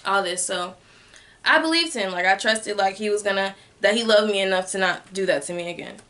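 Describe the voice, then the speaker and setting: A young woman telling a personal story in a candid vlog, filling her speech with "like" and growing soft and subdued at times. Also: medium pitch, brisk. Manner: candid, heavy use of "like" as filler. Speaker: vlogger.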